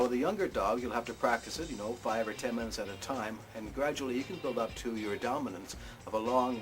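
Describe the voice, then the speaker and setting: A man teaching dog tricks in a plain, explaining way, with bursts of high, cheerful praise for the dog. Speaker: dog trainer. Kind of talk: instructional talk. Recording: music playing underneath.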